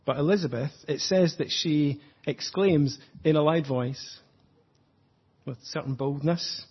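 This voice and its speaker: Husky-voiced male preacher, lo-fi. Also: fairly high pitch. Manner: earnest, reflective, slows for emphasis. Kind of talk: sermon.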